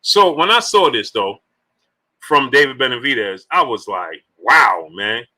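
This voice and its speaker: A man hosting a boxing live stream in a loose, joking chat style, shouting out viewers by name and urging them to like the video. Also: medium pitch, very animated, unhurried, rough recording. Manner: loose, laughing, joking banter. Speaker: boxing livestream host.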